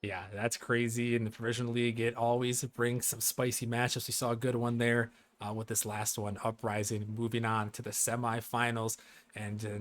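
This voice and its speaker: A man's voice: medium pitch, flat delivery, moderate pace. A male esports caster with a mid-range voice, chatting casually about the matchups. He keeps the energy up as he hands off to the next match and talks straight to the viewers. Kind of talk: casual play-by-play commentary.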